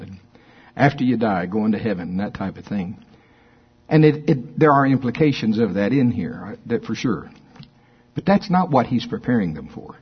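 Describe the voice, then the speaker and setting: Husky-voiced preacher man, lo-fi recording. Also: lowish voice. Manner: excitable, laughs often, reads scripture slowly. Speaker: pastor. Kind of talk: sermon. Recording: dull lo-fi recording.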